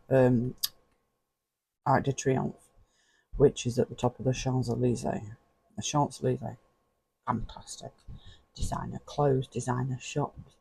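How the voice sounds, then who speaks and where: A relaxed man talks slowly in a low-key, mellow voice that carries a husky, gravelly grain. He leafs through pages as he chats directly to the viewer and chuckles often. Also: poor audio. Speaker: vlogger. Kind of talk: casual flip-through commentary.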